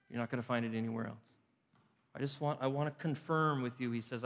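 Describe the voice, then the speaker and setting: Earnest male pastor preaching in a reverberant hall. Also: mid-range voice. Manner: earnest preaching with rising emphatic peaks and soft closing prayer. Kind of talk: sermon. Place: church sanctuary.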